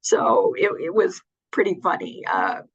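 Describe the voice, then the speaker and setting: Low, slow-talking older woman. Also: big pitch swings, slightly rough, no echo, highs cut off. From United States. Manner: hesitant, many fillers and restarts. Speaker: guest. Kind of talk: casual interview.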